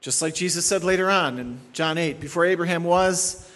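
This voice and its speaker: Emphatic pastor in a reverberant hall. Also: male voice, a little high, normal speed, fairly bright tone. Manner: emphatic, repeats key phrases, checks in with the congregation. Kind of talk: expository sermon teaching.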